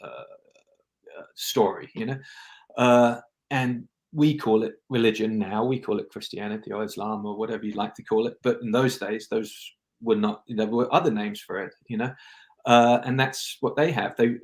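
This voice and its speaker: A man's voice: lowish voice, normal speed. A man speaking as a film director guest in a casual interview, reflective and rambling, often restarting his sentences.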